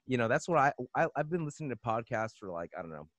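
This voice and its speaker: A man talks as a guest musician on a casual podcast, rambling with lots of fillers and repeated "man" and "you know." His voice is medium in pitch, sing-song and fairly bright, at a quick pace, in a dry recording.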